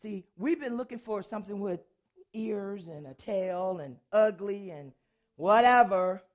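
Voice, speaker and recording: Middle-aged woman, testimony sermon, lively sing-song pitch, dramatic storyteller, laughs a lot, loud then hushed. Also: measured pace. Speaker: speaker giving a testimony to an audience.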